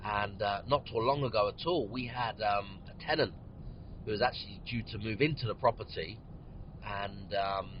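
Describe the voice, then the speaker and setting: Man, low voice, rambling podcast talk, lots of ums, yawning, dull car recording with faint road hum. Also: normal speed. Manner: rambling, many ums, yawning between phrases. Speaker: podcast host. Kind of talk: casual storytelling monologue. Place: inside a parked or moving car.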